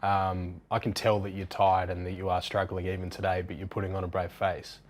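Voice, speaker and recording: A man with an Australian accent hosts a sports interview in a low, even voice. He asks his questions in a measured, gentle way, keeping his pitch flat and steady. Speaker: sports TV host.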